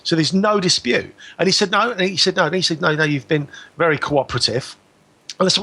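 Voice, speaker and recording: A man's voice: fairly high pitch, quick pace, creaky, sharp tone, breathy edge. A man telling a personal story as a guest on a radio talk show, acting out both sides of the exchange.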